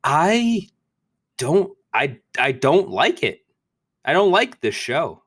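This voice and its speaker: A man with a Southern California accent, co-hosting a podcast in a casual, laid-back stoner drawl, mildly high and full of "dude" and "bro". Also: very animated, takes it slowly, a bit bright, slightly rough, dry recording, clean studio sound. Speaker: podcast co-host. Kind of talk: casual chat.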